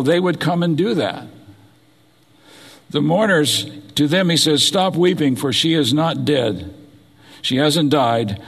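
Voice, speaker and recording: A middle-aged man preaches in a church sanctuary, retelling scripture with animated, dramatic emphasis. His voice is gravelly and husky. The sound carries a long reverb from the large hall. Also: on the high side. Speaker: pastor. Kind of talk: sermon.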